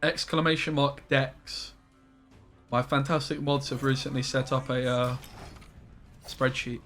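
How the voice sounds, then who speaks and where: A young man streaming a card game, chatting excitably to his viewers and breaking into loud, surprised yelps. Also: mid-range voice, a little slow, faint music behind. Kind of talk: live-stream commentary.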